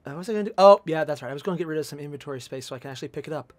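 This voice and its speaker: A young man streaming a shooter game, chatting casually and jokily with teammates and bursting into shouts. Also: a little high, very fast, soft background music. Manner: excitable, jokey, sudden shouts. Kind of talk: casual gameplay commentary.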